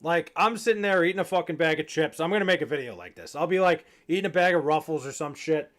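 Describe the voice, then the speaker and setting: A young man chats casually with his livestream audience, a bit tipsy, rambling, swearing and joking. His voice is fairly high and a bit bright, and he talks fast and animatedly.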